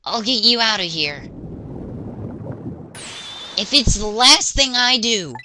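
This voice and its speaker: A woman's voice: fairly high pitch, lively intonation, takes it slowly, background noise, pitched above the performer's own voice. Woman voicing an earnest young detective woman. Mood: determined. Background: game music.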